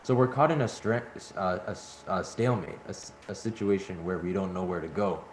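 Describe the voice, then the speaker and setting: A man's voice: low voice, fairly quick. A man moderating an online event, responding to a speaker in a rambling way with restarts and fillers. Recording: echoey room with faint hum.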